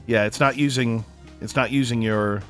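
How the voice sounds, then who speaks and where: A man co-hosting a casual livestream chat, animated and quick to laugh. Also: medium pitch, soft background music. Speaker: livestream co-host.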